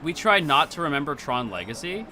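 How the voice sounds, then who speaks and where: An excitable man talks casually on a livestream, his pitch swinging widely. His tone is very bright and forward, and he keeps stopping and restarting his sentences. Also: brisk, slight background noise. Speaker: streamer.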